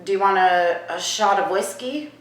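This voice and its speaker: A woman vlogging in her home kitchen. She asks a spirit hushed questions and turns to viewers with excited asides. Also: medium pitch, normal speed, roomy sound, low-quality recording. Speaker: vlogger host. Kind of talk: casual paranormal vlog.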